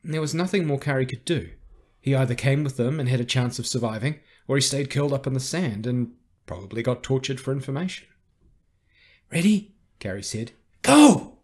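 A man narrating an audiobook with measured, tense storytelling. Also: mid-range voice, a little mellow. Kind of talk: scripted narration.

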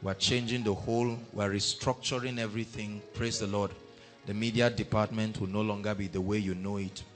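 A man preaching a sermon, breaking in with hallelujah and rising to loud, emphatic scripture reading. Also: fairly low pitch, level tone, fairly quick. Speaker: pastor. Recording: faint music behind.

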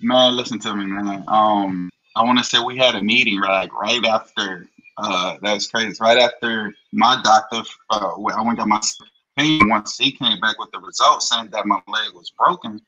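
A young man from New Orleans, a former football player, telling his story in an interview with blunt, profane, animated speech. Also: fairly low pitch, normal speed. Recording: dull lo-fi audio.

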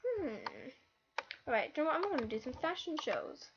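A female host giving live gameplay commentary, excitable and easily frustrated, with lots of exclamations. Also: high-pitched, normal speed, dull audio, background noise. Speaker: gaming channel host.

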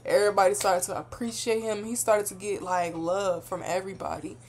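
A woman's voice: mid-range voice, steady tone, brisk, slight background noise. A young woman hosting a reaction video, talking in a chatty, heartfelt, slang-filled way that rambles as she thinks aloud. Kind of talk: casual reaction commentary.

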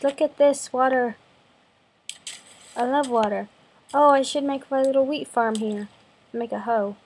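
On a rough recording, a young woman with a high, slightly mellow voice and a breathy edge talks at a measured pace. She hosts gaming videos from her bedroom, coughing slightly from a cold as she gives jumpy, self-deprecating commentary on her play.

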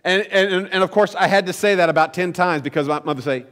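Pastor, male, lively storytelling preacher, slightly high voice, church hall echo. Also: fast talker. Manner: animated, conversational storytelling with rising emphatic peaks. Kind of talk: sermon. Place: church sanctuary. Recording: long church hall reverb.

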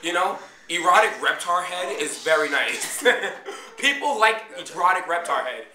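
A man's voice: expressive, measured pace, a little hiss or hum. A man doing a crude, giggly comic rant for a vlog, often jumping into squeals. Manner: loud, crude, giggly, jumps into high squeals. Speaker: vlogger. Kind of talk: rowdy comic monologue to friends. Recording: echoey room with friends around.

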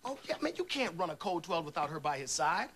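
A man's voice: on the high side, big pitch swings, a bit bright. An actor playing a brash, self-important male Secret Service agent who talks in blustery bursts. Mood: boastful. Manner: boastful, fast bursts of bluster.

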